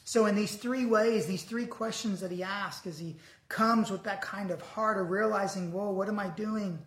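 A preacher giving an earnest sermon, reading scripture aloud slowly and deliberately. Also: mid-range voice, fairly bright tone, roomy sound.

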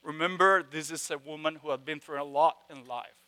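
A man preaching a sermon, emphatic, with slow repeated phrases and sudden drops from loud stresses to hushed tones. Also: a little high, fairly even intonation. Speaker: pastor.

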